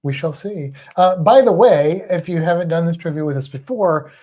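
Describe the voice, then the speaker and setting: A man's voice: a little high, normal speed, highs cut off. A man co-hosting a livestream in casual chat. He rambles, hesitates often and laughs a lot. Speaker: livestream co-host.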